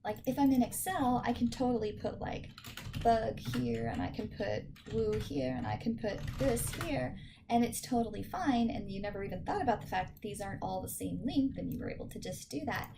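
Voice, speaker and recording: A woman's voice: fairly high pitch, moderate pace, gravelly, noisy background. A woman teaching programming in a screen-recorded tutorial, chatty and self-deprecating, thinking aloud as she types.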